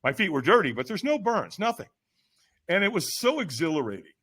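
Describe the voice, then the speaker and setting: A man telling a personal story as a podcast guest, lively and emphatic, acting out quoted lines with sudden shouts. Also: high-pitched, fairly quick, husky. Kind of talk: animated storytelling in conversation.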